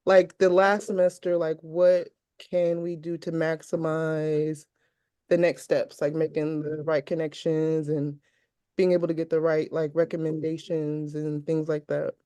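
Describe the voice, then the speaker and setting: A woman's voice: sits low, level tone, unhurried, dark tone, smooth, no echo. A woman, a student and parent, asking a question in a meeting, hesitant and full of fillers. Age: adult, parent.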